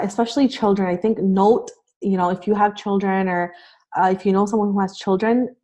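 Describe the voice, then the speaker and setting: A woman's voice: mid-range voice, mellow. Earnest, encouraging woman podcast guest. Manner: earnest, encouraging, many fillers. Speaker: podcast guest, life coach. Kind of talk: casual podcast conversation.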